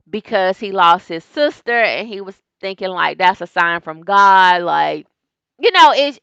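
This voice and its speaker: A woman reviewing a reality TV show in a casual, gossipy vlog, talking straight to her viewers and getting animated when excited. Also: mid-range voice, smooth, no room sound, dull audio. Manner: chatty and gossipy, talks straight to viewers as "y'all" and "girl". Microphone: desk microphone.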